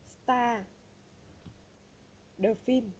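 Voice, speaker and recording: A woman's voice: on the high side, steady tone, very slow, a little mellow, husky, lo-fi sound. A woman learning English who answers exercises hesitantly, one word at a time. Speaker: language student.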